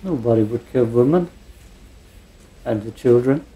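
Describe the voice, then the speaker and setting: A man's voice: mid-range voice, unhurried, warm tone. A man giving casual let's play commentary while gaming, with meandering mumbled asides. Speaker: gaming streamer.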